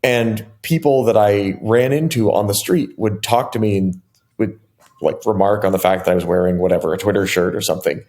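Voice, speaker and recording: A middle-aged man, a software engineer guest in an interview, telling stories casually and animatedly with many fillers and restarts. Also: lowish voice, a little fast. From United States.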